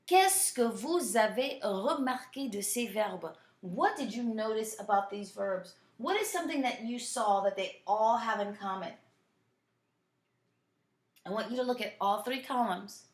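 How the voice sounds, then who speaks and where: A woman teaching a French class, drilling verb conjugations slowly and patiently, often asking "right?". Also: fairly high pitch, animated, roomy sound. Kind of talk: recorded classroom lesson, switching between French and English.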